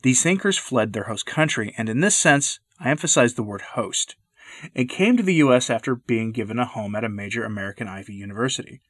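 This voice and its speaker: A man hosting a podcast, reading scripted commentary in an earnest, measured, lecturing way. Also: medium pitch, fairly bright tone, dry recording, clean studio sound. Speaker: podcast host. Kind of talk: scripted commentary read aloud.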